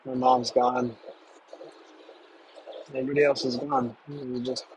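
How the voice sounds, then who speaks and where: A man telling a personal story from his past in a halting, measured way with long pauses. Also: medium pitch, little pitch movement, background noise.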